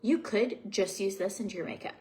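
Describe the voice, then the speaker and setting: A woman's voice: medium pitch, fairly quick, mellow. A young adult woman chatting casually at home while doing her skincare routine, rambling and confiding with lots of fillers. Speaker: beauty vlogger.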